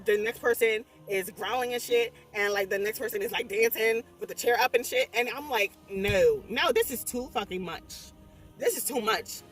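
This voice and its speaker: Profane, animated young woman. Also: on the high side, normal speed, distant mic. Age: young adult. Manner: animated, swears constantly, exclaims mid-story. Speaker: movie reviewer. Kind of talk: casual rambling movie recap. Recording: voice a bit off-mic, faint music behind.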